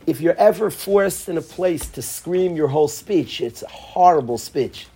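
Husky-voiced man teaching a class. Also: fairly high pitch, normal speed. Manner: animated storytelling with swings between soft and loud; mixes Hebrew phrases into English explanation. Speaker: Torah teacher.

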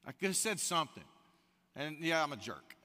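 Animated preacher in a big hall. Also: male voice, on the high side, fairly quick. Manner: animated storytelling with quoted asides, addresses the congregation as y'all. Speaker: pastor. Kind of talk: sermon. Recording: long hall reverb.

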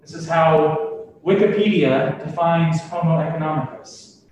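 A man preaching a sermon in a slow, deliberate, emphatic way. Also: a little high, a little mellow, slight background noise. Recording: echoey room from far off.

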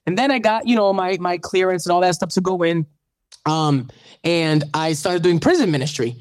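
A man's voice: sits high, normal speed, no echo. Man, radio host, preacherly testimony, rising fervent calls, dry close sound. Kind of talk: animated testimony in an interview.

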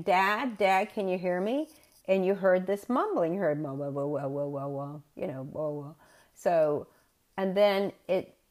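Woman telling a personal story, conversational. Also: medium pitch. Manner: conversational, with self-corrections. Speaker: podcast host.

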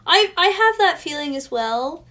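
A woman's voice: sits high, very animated, unhurried, pushed and bright. A young woman from Canada co-hosting a casual podcast, chatty and self-mocking, laughing often. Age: young adult. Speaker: podcast co-host. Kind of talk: casual chat.

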